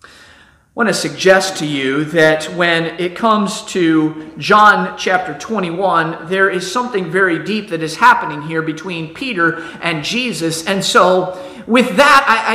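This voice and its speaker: A man's voice: sits high, sharp tone, reverberant. A middle-aged man giving a sermon as a pastor, conversational, with restarts and acted-out quotes.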